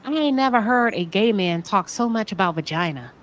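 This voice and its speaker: A woman's voice: mid-range voice, animated, brisk, a crowd in the background. A woman with a Southern American accent hosting a live talk show, asking pointed, sassy rhetorical questions. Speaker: show host.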